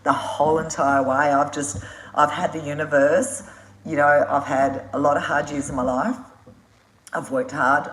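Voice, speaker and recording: A woman telling road-trip stories on a live stream, animated and blunt, swearing freely and laughing often. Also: a bass voice, echoey room, low-quality recording. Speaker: motorbike traveller hosting a live Q&A. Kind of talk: casual live-stream storytelling.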